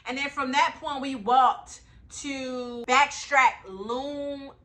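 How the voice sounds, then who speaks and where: A young woman telling a casual travel vlog story in slangy, animated talk straight to her viewers. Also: high voice, slow pace. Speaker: travel vlogger.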